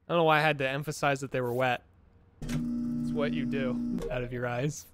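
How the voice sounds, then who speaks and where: A man's voice: medium pitch, steady tone, normal speed, a bit bright, faint music behind. A man streaming a game with friends, talking casually and hamming up mock-dramatic complaints. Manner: playful, mock-dramatic whining. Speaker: streamer playing a social deduction game with friends. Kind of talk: casual gaming chat on voice call.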